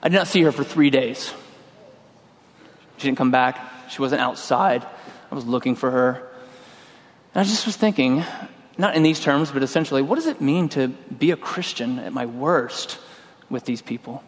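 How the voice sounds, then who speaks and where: A middle-aged man preaching a sermon in a relaxed, conversational way, telling a personal story and acting out his own lines. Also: medium pitch, normal speed, pauses often. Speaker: pastor. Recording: long hall reverb.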